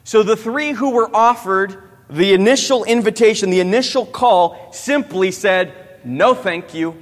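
A youth pastor in his thirties speaks at a moderate pace in a high voice while preaching. Questions to the audience and a habitual "right?" run through his lines, and the recording carries long hall reverb.

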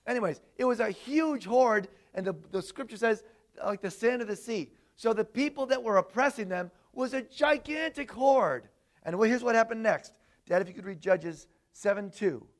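Lively high-voiced man preaching. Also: moderate pace. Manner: animated, asks the audience questions. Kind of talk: sermon to a congregation.

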